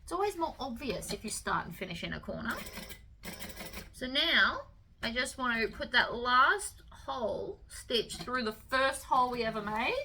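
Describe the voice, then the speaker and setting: A woman's voice: a little high, lively intonation, moderate pace, pushed and bright, slight background noise, rough recording. A woman giving a casual, chatty sewing tutorial, explaining each step as she works.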